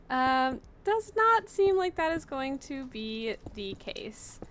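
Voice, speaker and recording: A young woman hosting a let's play video game commentary, chatty and excitable, breaking into panicked yelps. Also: sits high, very slow. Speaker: gaming channel host.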